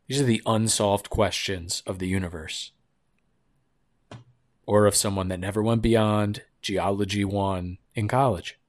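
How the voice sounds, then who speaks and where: A man's voice: lowish voice, no room sound, clean studio sound. A young man hosting a podcast, riffing on the news in a sarcastic, rambling, jokey way. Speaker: podcast host. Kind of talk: casual comedic podcast monologue.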